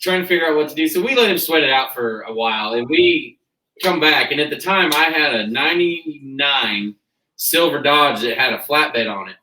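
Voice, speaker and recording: A young Kansas man tells a rowdy tale with lots of energy, chuckling along the way. His voice is fairly high and bright, and a mic some distance off picks up a roomy echo. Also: normal speed. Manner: animated, laughing through the tale, acting out quotes. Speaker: guest, rodeo cowboy. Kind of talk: casual storytelling.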